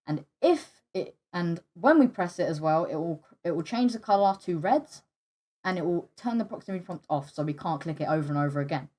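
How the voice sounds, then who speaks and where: A young woman hosting a coding tutorial, hesitant and stumbling, often pausing with fillers and apologizing. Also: lowish voice, animated, darkish tone. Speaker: tutorial host. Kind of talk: screen-recorded coding tutorial.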